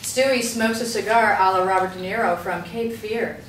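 A woman reads out stage directions in a brisk, matter-of-fact way during a script table read. Her voice is caught from afar in an echoey room with faint hiss. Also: mid-range voice, fairly even intonation, a bit bright, far from the mic. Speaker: narrator reading stage directions.

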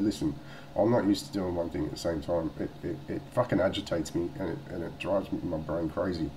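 A man's voice: sits low, darkish tone, slight background noise, low-quality recording. A man with an Australian accent talking casually to camera, blunt and rambling, swearing freely. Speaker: vlogger.

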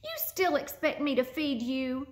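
A woman reading a storybook aloud and voicing an eager, lively young boy. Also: high voice, unhurried, voice pushed up. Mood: excited. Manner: bright, excited, scolding fondly.

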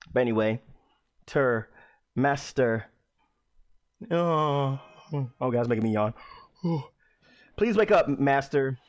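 A man casually streaming a game, rambling and restarting his sentences, sometimes bursting into loud exclamations. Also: medium pitch. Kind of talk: casual let's-play commentary.

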